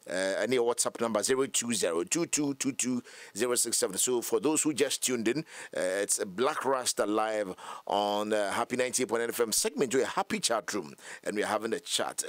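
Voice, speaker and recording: Ghanaian radio host, dry studio sound. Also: male voice, medium pitch, a bit bright, no echo. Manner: reads listener messages and phone numbers aloud, brief acknowledgements. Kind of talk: radio talk show hosting. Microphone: studio mic.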